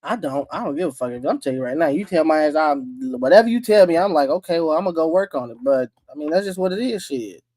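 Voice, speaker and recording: A man in his thirties hosting a podcast, telling loud, profane, animated stories in casual chat. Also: fairly high pitch, fast talker, few pauses, no room sound. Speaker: podcast host.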